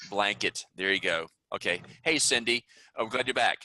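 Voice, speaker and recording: A man's voice: lowish voice, normal speed, bright, forceful tone, rough recording. A man with a Southern US accent, teaching an online English class in an upbeat, chatty way. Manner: upbeat, chatty, rambling asides.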